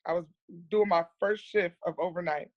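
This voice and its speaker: A woman's voice: on the low side, fairly even intonation, normal speed, no echo, muffled recording. An earnest woman speaks as a guest on a podcast. She tells her story candidly and plainly. She often repeats words to stress them.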